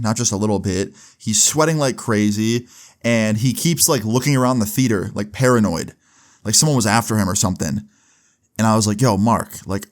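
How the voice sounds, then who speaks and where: A young man telling a story in a casual, rambling way, full of fillers. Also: lowish voice. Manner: rambling, lots of "like" and "right?".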